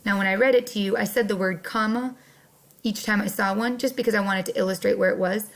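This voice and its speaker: Creaky-voiced woman teaching first graders. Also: mid-range voice, fairly even intonation. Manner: slow, clear teacher talk with playful emphasis. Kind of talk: online classroom lesson.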